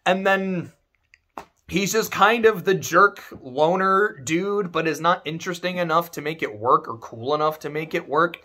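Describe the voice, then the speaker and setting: A man's voice: fairly high pitch, normal speed, sharp tone. A man giving a casual, sarcastic and profane rant as a video game reviewer.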